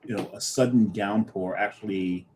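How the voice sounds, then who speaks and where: A man's voice: fairly low pitch, moderate pace, noisy background. A man co-hosting a podcast in casual chat, joking and laughing often. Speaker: podcast co-host.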